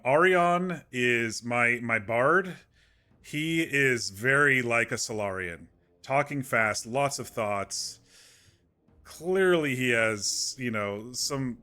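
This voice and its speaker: A man's voice: mid-range voice, sharp tone. A man streaming a game, chatting casually to viewers in a soothing, rambling way with many restarts.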